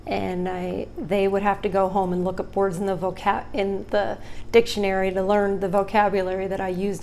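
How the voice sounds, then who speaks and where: Young woman vlogger rambling thru a story, does little voices for the people in it, normal mid-pitch voice. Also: normal speed, slight background noise. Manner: animated, acts out other people's lines in the story. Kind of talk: casual storytelling monologue.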